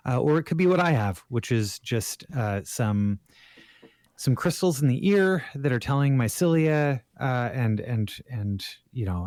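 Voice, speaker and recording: A man's voice: lowish voice, a little mellow, dry recording. A man in his forties, co-hosting a podcast in casual chat, telling a story in a rambling way with many restarts. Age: 40s. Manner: rambling, full of restarts and fillers. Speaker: podcast co-host.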